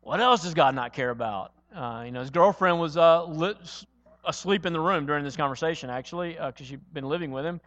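High-voiced earnest male preacher. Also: fairly quick, fairly bright tone, big-room sound, highs cut off. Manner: earnest, storytelling, with rhetorical repetition. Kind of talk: sermon.

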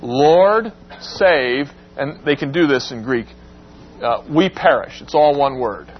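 A man teaching a Bible class, asking the class questions and acting out the quoted lines in a dramatic voice. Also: normal speed. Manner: questions the class and acts out quotes with rising pitch. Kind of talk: interactive Bible class lecture. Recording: dull lo-fi recording with faint hum.

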